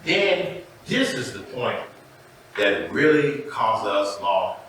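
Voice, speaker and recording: A man preaching a sermon as pastor, telling stories and calling out "amen?" to the congregation, swinging between loud and soft. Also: on the low side, big pitch swings, takes it slowly, a little hiss or hum. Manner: call-and-response preaching, repeating "amen?"; storytelling preacher with sudden loud and soft turns. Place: church sanctuary. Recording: echoey church hall, mic at a distance. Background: congregation responding.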